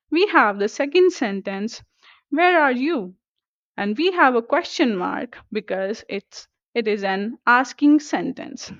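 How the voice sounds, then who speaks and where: A woman with a fairly high voice teaches a grammar lesson very slowly and deliberately. The recording is dry and a little dull and lo-fi. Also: no room sound. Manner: slow, careful and deliberate.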